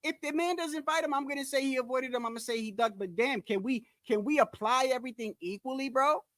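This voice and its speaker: A fast-talking man with a very high, slightly bright voice and no echo hosts a boxing channel. His casual commentary comes as a rant, blunt and emphatic, with cursing and repetition for emphasis. He speaks to his viewers directly and uses "bro" often.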